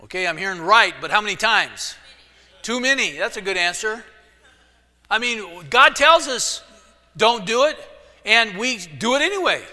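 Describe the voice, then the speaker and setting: Male pastor, casual joking sermon style, bright voice, long church reverb. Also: high-pitched, expressive, normal speed. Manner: casual storytelling with jokes. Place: church sanctuary. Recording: echoey church hall.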